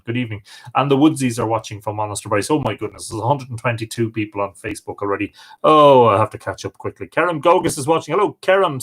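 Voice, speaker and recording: Cheerful Irish man hosting a live stream. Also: fairly high pitch. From Ireland. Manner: cheerful, greets viewers by name. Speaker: host.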